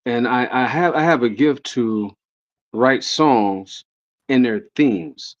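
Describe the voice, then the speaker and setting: A man with an Atlanta Southern accent, a rapper guest answering interview questions in a relaxed way, peppered with "you know". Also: medium pitch, slow pace. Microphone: video call. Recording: slightly muffled video call audio.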